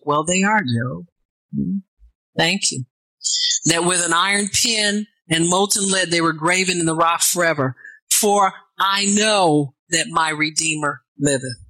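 A woman's voice: deep voice, no echo, low-quality recording. A woman preaching a sermon, reading scripture aloud and breaking in with questions to the congregation, her voice climbing as she builds. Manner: call-and-response asides, rising to shouts.

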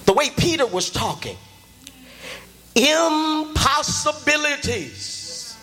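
High-voiced preacher guy, fervent and shouty, bright forceful sound. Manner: fervent, call-and-response preaching with shouted peaks. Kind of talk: sermon.

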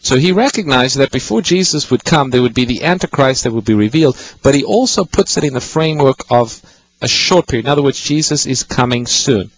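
A man's voice: medium pitch, animated, brisk, slight background noise, low-quality recording. A man hosting a call-in radio show, patiently explaining Bible passages to callers. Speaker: radio Bible-teaching host.

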